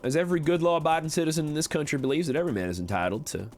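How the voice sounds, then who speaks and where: A man's voice: fairly high pitch, rapid-fire, a little hiss or hum, natural voice. A man playing a slick cowboy conman in a game roleplay stream, speaking in a put-on American Western drawl with folksy, wheedling salesman patter. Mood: scheming. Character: slick smooth-talking cowboy conman, adult male.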